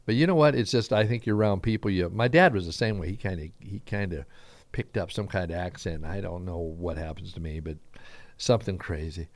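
A man's voice: sits low, fairly quick, no room sound, clean studio sound. A middle-aged man from Southern Idaho with a slight Southern twang, preaching a folksy, rambling, earnest radio sermon as a pastor.

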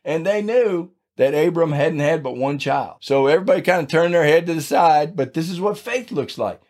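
A man's voice: fairly high pitch, moderate pace, darkish tone. Folksy male Bible podcast teacher. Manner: folksy, conversational, encouraging. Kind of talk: casual devotional teaching and prayer.

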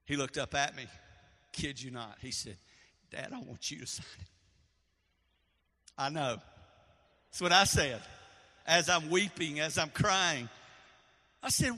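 A middle-aged man preaching a sermon, telling a personal story with strong emotion and swinging between loud and soft. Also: a little high, a little slow, pauses often. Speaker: pastor. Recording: echoey hall.

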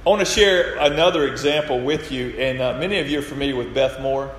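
Here a pastor with a medium-pitched voice moves at a quick pace through a sermon full of retold stories, acting out quoted dialogue. The sound carries the echo of a hall plus light noise.

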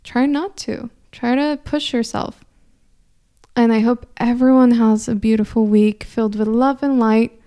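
A young adult woman, a coach hosting a weekly inspirational talk, speaking in a gentle, encouraging, reflective way. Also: a little high, steady tone, unhurried. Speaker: spiritual coach host.

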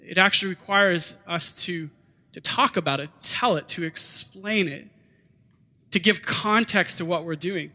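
A pastor with a high-pitched voice preaches a sermon at a measured pace, keeping it casual and conversational. He's animated and often acts out what people say, and the recording carries a long hall reverb.

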